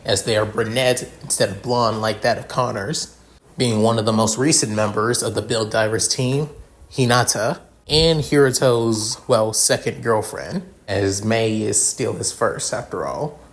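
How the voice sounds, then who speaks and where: A man's voice: on the low side, measured pace. A man narrating his own fan fiction in a rambling style, with frequent restarts and fillers. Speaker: story reader.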